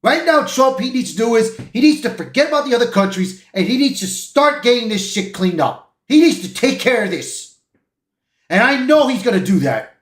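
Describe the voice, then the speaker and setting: High, lively man hosting a live reaction. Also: moderate pace, roomy sound. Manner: emotional, emphatic, repetitive. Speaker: channel host. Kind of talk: live-stream reaction commentary.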